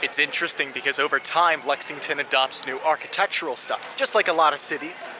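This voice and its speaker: A man's voice: fairly high pitch, fast talker. A man narrating a travel vlog around a city, explaining with touches of dry humor. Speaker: travel vlogger. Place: outdoors in a city. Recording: noisy outdoor street recording.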